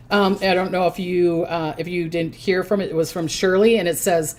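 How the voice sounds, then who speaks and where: A woman's voice: on the low side, steady tone, moderate pace. An older woman hosting a casual psychic livestream from her recliner at home, chatty and hyper, often giggling. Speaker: psychic host.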